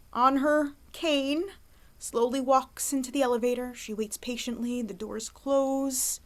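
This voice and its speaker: A woman telling a joke with dramatic storytelling, slowing down for effect. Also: medium pitch.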